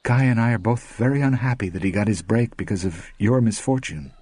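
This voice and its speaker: A man voicing an anxious, polite young woman in an audiobook reading, earnest and halting. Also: on the low side, darkish tone, husky, no room sound, voice pushed up.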